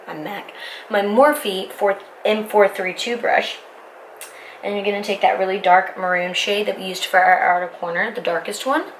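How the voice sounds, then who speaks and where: A young woman in her twenties chats her way through a makeup tutorial, rambling and cutting herself off mid-thought. Her voice sits at a middling pitch. There is a faint noise floor under the recording. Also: fairly bright tone, rough recording. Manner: rambling, self-interrupting, talks while applying makeup. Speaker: beauty vlogger.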